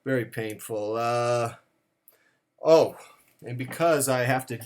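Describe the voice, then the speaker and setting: A man's voice: mid-range voice, slow pace. A middle-aged man giving a comic countdown to camera in a playful, mock-serious way. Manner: playful, mock-serious, acts out quoted dialogue. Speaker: watch vlogger.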